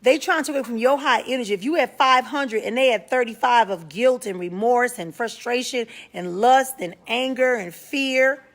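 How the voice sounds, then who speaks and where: Woman w/ doing a casual spiritual talk stream, blunt and slangy, kinda high voice. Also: normal speed, hardly any pauses. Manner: frank, slangy, greets viewers by name mid-sentence. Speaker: spiritual talk show host.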